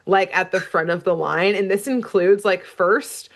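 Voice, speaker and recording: A woman's voice: fairly low pitch, measured pace. A woman co-hosting a podcast, recapping a cartoon episode in casual chat and acting out the characters' lines as she goes. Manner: animated storyteller, acts out character lines.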